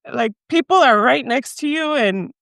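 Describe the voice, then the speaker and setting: A young adult woman from Mexico, a podcast guest telling her own story in a lively way with frequent laughter, dropping Spanish words into her English. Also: high-pitched, slow pace, gravelly, no echo. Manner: animated, laughs often, mixes in Spanish. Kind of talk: storytelling in an interview.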